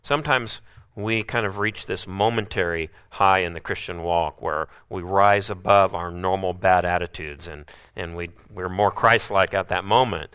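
A man's voice: low-pitched, moderate pace, a bit bright, smooth. A man preaching a sermon, often putting rhetorical questions to his listeners.

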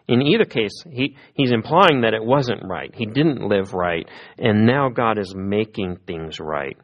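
A man preaching a sermon as a pastor, in a conversational manner with lively emphasis. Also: on the low side, a little slow, lo-fi sound.

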